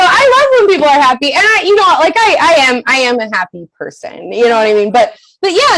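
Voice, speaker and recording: A high-pitched woman whose voice swings widely up and down as she talks. She speaks candidly as a podcast guest, animated and emphatic, swearing freely and laughing often. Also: fast talker, few pauses, poor audio.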